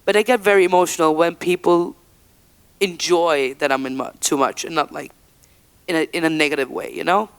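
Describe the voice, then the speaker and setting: This woman in her 30s, a Faroese singer, chats a little fast in a deep, smooth voice during a casual interview inside an event venue. Her candid answers are packed with fillers like "like," false starts, and quotes she performs.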